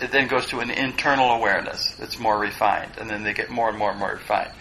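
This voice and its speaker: Meditation teacher, male, bright clear tone, rambling self-deprecating class talk, faint hiss. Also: mid-range voice, low-quality recording. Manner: digressive, self-deprecating, plain-spoken.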